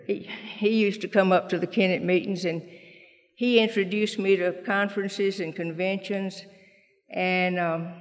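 A woman with a Southern drawl tells her own story before a meeting in a relaxed, folksy way. She slips into the voices of the people she quotes. Her words ring back from a large hall with a long echo. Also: mid-range voice, measured pace. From Mississippi, US. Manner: folksy storytelling, acting out others' lines. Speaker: speaker sharing her recovery story. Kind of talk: personal testimony at a meeting.

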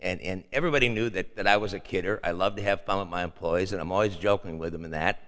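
An older man shares rambling personal stories at a meeting, repeating himself in a folksy way. His voice is bright and forceful, and it rings with a long reverb from the hall. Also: low voice, fast. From Chicago. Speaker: speaker sharing at a meeting.

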